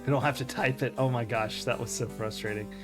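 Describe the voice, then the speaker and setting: A man chatting casually while live-streaming an old game, quick to poke fun at himself and thank his viewers. His voice sits in an ordinary middle pitch. Faint game music plays underneath. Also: steady tone.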